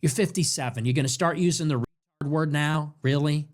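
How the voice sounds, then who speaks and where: A man's voice: fairly high pitch, a little fast. A man hosting a political commentary show, talking in an emphatic, sarcastic and mocking way with lots of repetition. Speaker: show host.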